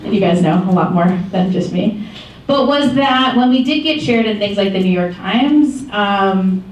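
A young woman from Michigan giving a casual, animated talk to a room, telling stories with many ums and likes. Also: mid-range voice, moderate pace, slight background noise. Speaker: activist speaker. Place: meeting room. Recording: echoey room from far off.

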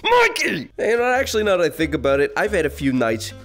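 A man's voice: fairly high pitch, very animated, fast, over music. A man improvising a comedic dad role-play while playing a VR game, swinging between coaxing and panicked outbursts. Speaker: VR game streamer.

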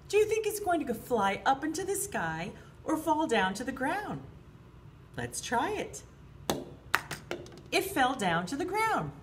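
Expressive sing-song woman teaching little kids. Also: mid-range voice, slight background noise. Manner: expressive, sing-song, refers to herself in the third person. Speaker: preschool teacher. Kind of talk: storybook read-aloud and lesson for young children.

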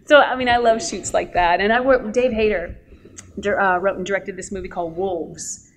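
An animated woman speaking as a guest on an expo panel. She tells lively stories about her work and laughs often. Her pitch sits in the middle for a woman. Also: normal speed, slight background noise. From Canada. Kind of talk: convention panel talk.

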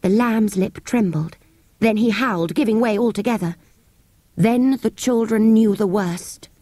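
A woman with a husky, medium-pitched voice narrates a children's classic audiobook, measured and expressive as she tells the story. There's no echo.

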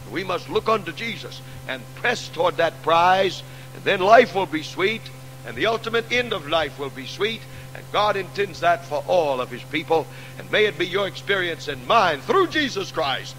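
A pastor preaching a sermon, repeating refrains, sinking quiet and then swelling into loud, rousing calls. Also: male voice, sits high, animated, moderate pace, slight background noise, low-quality recording.

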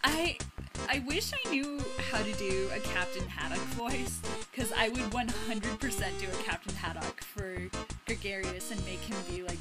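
A woman hosting a let's play, chatting playfully with quick asides over the game. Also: mid-range voice, expressive, loud music behind the voice. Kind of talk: casual game commentary and reading the game's narration.

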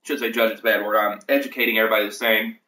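A man's voice: on the low side, fairly even intonation, very fast, sharp tone, far from the mic. A man hosting a casual livestream, rambling through team lineups with many fillers and self-corrections. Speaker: league host reviewing team depth charts. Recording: echoey room, voice off the mic.

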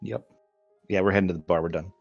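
Deep-voiced man joking at a game table. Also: steady tone, fast talker, creaky, breathy edge, lo-fi sound, faint music behind. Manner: joking, swearing. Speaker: player. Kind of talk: casual chat at a game table.

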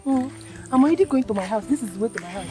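An actress playing a teasing young best friend with a Nigerian accent. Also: female voice, on the high side, animated, over music, natural voice. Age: young adult. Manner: teasing, quick, playful.

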